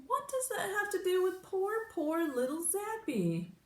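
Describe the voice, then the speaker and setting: Brief: weepy little girl client in a read-aloud, put on by a woman, shrill and trembling, in a roomy space. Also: very animated, measured pace. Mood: tearful. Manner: sobbing, pleading, high-pitched. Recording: roomy echo.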